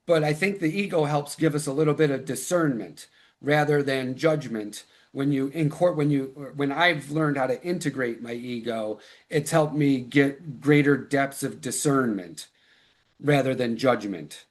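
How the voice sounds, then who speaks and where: A man's voice: medium pitch, a little slow. A man as a podcast guest, talking casually with lots of fillers and restarts. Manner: loose and filler-heavy, with frequent restarts. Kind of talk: casual conversational interview.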